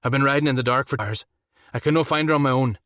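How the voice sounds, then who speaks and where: A man's voice: mid-range voice, normal speed, a bit bright, no echo, clean studio sound, voice pushed up, close to an everyday voice. A man voicing a desperate husband, speaking in a shaky, breathless way. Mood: frantic.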